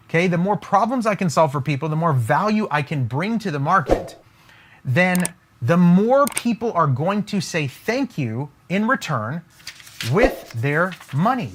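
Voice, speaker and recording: A man giving a motivational talk on business, emphatic, repeating and rephrasing his key points. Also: on the high side. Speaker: online business coach.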